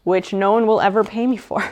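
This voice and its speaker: A woman with a medium-pitched, somewhat dark voice speaks briskly and steadily while restoring a table on a live stream. She chats casually with her viewers, cracking jokes and guessing names as she works.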